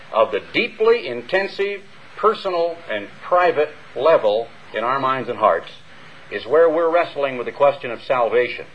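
An older American man, a minister, preaching an earnest, measured sermon to a congregation, with emphatic rises and long pauses. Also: medium pitch, breathy edge. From United States. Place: church hall before a congregation. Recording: dull lo-fi radio broadcast.

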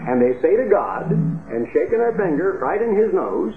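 A man delivers an emphatic sermon to a church audience, throwing out rhetorical questions. His voice sits a little high for a man. The recording is tinny and narrow, with the echo of a large hall and a faint hiss underneath. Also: very animated, normal speed, hardly any pauses, soft background music. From United States. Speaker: preacher.

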